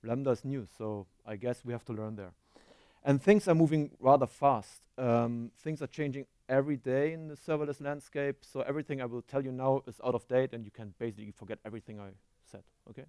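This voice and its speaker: A man's voice: mid-range voice, fairly quick, warm tone, smooth, no echo, studio quality. A man from Germany with a German accent, giving a tech conference talk on stage, self-deprecating and quizzing the audience. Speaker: conference speaker.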